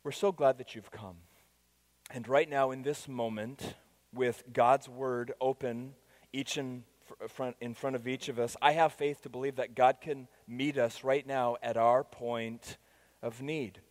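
A man preaching a sermon as pastor, moving between soft, intimate asides and loud, emphatic declarations. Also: medium pitch, steady tone, unhurried. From United States.

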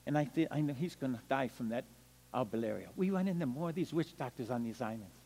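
An older man, a missionary evangelist, telling stories in a sermon. He swings animatedly between loud bursts and hushed, quiet stretches. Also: medium pitch, fast. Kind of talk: storytelling sermon. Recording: long hall reverb.

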